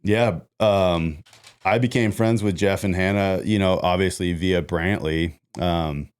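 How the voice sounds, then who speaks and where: Man, very low voice, casual storyteller, acts out quotes, podcast guest. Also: a little slow, clear, resonant tone. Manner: animated storyteller acting out quotes. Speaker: music manager guest.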